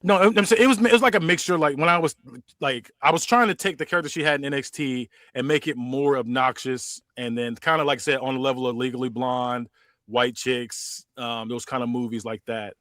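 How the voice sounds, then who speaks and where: A man's voice: medium pitch, fairly quick, dry recording, studio quality. A man hosting a podcast, chatting casually and narrating a made-up wrestling show. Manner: relaxed, chatty, many fillers. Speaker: podcast host. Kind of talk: casual chat and story narration.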